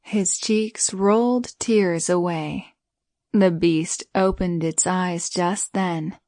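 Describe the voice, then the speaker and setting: Woman storyteller, bedtime reading, very slow, soothing, dry close sound. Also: fairly low pitch, a little mellow, no echo.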